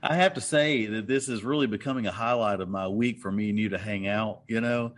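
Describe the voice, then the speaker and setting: Man, fairly low voice, podcast co-host, rambling, easygoing, casual chat. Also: fairly quick. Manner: rambling, easygoing, laughs often.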